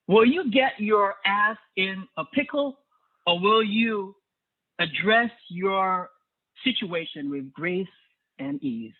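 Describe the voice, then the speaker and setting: High-voiced man praising a speech. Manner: enthusiastic, praising. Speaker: speech evaluator. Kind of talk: club speech evaluation over video call. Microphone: video call. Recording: tinny phone-like audio.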